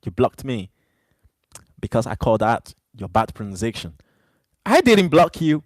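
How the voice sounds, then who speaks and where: A man's voice: mid-range voice, big pitch swings, normal speed, dry recording. A man hosting a live stream, arguing back at chat viewers in a heated, repetitive way, English not his first language. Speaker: livestream host.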